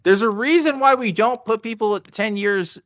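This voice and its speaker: A man's voice: sits high, normal speed, a bit bright, lo-fi sound. A man talks on a casual podcast in a blunt, sarcastic way, peppering his points with swearing. His voice is close and dry with no room echo. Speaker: podcast co-host.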